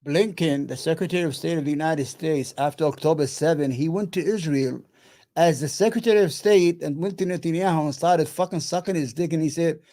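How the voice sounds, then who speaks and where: A man's voice: on the high side, brisk, warm tone. A man hosting a show, giving blunt, heated reaction commentary and swearing freely. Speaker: host.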